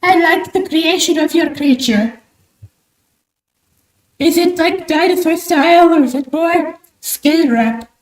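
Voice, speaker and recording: Drawing on a livestream, a young woman from Australia talks to chat slowly in a high, theatrical bird-persona voice, her throat audibly sore and strained. Her desk mic has the gain turned up, and the small room at home adds a roomy echo.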